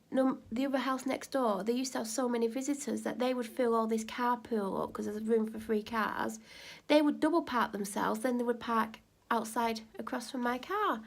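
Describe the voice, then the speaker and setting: A woman vlogger recounting events in a relaxed, chatty way. Her voice sits a little high. She grows animated and louder as the story heats up. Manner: animated, rising to near-shouting when retelling an argument. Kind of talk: casual storytelling vlog.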